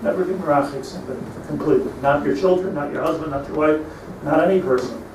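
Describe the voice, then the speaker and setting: A man's voice: on the high side, fast talker, darkish tone, a little hiss or hum. A middle-aged man, a rabbi, giving a storytelling sermon that mixes Hebrew terms into English and builds to emphatic peaks. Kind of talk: sermon on lamentations. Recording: echoey room, mic at a distance, faint ambience.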